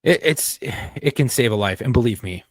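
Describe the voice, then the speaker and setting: A man's voice: mid-range voice, animated, moderate pace, no room sound, clean studio sound. A man co-hosting a podcast, talking earnestly in casual chat and reading the outro, swearing often. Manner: earnest, profane, repeats himself. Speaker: podcast co-host.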